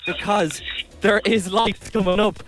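High-voiced Irish radio presenter, excitable. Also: male voice, unhurried, music in the background. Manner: excitable, laughing, chatty. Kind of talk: live radio stunt commentary. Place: on a tram in a city.

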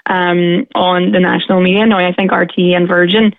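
A woman's voice: lowish voice, flat delivery, brisk, gravelly, no room sound. A woman from Derry with a Northern Irish accent, calling in to a radio show and speaking forthrightly and earnestly. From Derry, Northern Ireland. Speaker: caller. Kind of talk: radio phone-in chat. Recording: tinny phone line.

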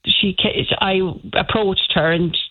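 A woman's voice: mid-range voice, fairly even intonation, slow pace, slightly rough. A woman with a Cork Irish accent calling a radio show and telling a rambling, friendly story. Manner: chatty, rambling, warm storyteller. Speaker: radio caller. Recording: tinny phone line.

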